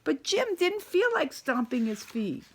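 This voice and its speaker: Animated woman reading a picture book. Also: high-pitched, measured pace. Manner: animated, asks young listeners questions. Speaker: teacher reading aloud to children. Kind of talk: children's picture book read-aloud.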